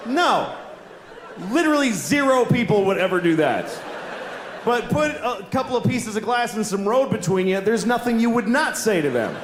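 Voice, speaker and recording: A stand-up comedian ranting with exasperation, his voice high and swinging all over. He works from a stage in an echoey venue, with audience noise loud behind him. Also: sing-song, moderate pace, some chatter behind. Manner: exasperated, building to shouted rants. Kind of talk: stand-up routine.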